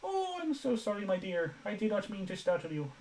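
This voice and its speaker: A man putting on a high fluttery old lady voice. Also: big pitch swings, a little fast, darkish tone, recorded from a distance, a little hiss or hum, low-quality recording. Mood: apologetic. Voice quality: strained high falsetto. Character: fussy elderly woman, soft and apologetic.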